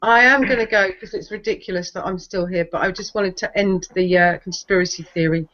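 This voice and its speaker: A woman's voice: medium pitch, steady tone, fairly quick, fairly bright tone. Chatty woman on a video call. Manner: chatty, apologetic. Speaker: hangout guest. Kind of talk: casual chat. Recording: dull lo-fi call audio.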